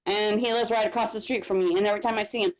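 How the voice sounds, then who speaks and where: A woman in a spirit session, speaking haltingly and tearfully to her late father. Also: mid-range voice, steady tone, low-quality recording. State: crying. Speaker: sitter. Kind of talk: emotional talk to a late father.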